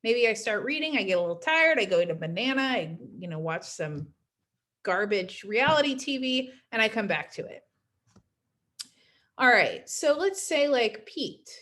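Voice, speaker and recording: A woman's voice: on the high side, very animated, moderate pace, a bit bright. A woman teaching a class in a casual recorded lecture, chatty and often adding "right?" to check in with her students. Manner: chatty, frequent "right?" tags.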